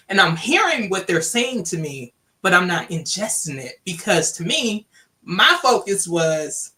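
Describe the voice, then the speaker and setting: A woman's voice: lowish voice, lively intonation, moderate pace, sharp tone. A woman from Louisiana, candidly telling her personal story and acting out the dialogue she quotes. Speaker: guest sharing her story.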